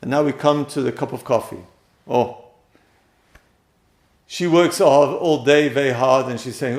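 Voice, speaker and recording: A man's voice: mid-range voice, measured pace, pauses often. A man giving a spoken lesson on marriage, emphatic and direct, often repeating his key points to listeners. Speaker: teacher giving marriage guidance. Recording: roomy echo.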